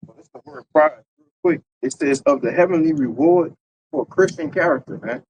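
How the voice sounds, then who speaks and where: A man's voice: on the high side, normal speed, darkish tone, lo-fi sound. A man teaching a Bible lesson in a loose, conversational preaching style, tagging his points with rhetorical questions. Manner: loose and conversational, tags lines with "man" and "right?".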